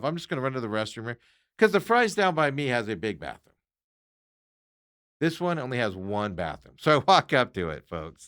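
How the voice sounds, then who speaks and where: A man's voice: mid-range voice, clear, resonant tone. A man hosting a podcast, telling an everyday story in a casual, exasperated way and acting out the lines of the people in it. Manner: animated, exasperated retelling of an everyday run-in; acts out other people's lines in quotes. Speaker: podcast host.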